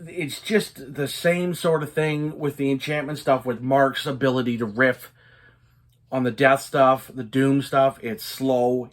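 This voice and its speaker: A man casually reviewing a death doom record on a vlog, swearing constantly and slipping into rants, with many ums and uhs. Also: mid-range voice. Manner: profane and ranting, many fillers.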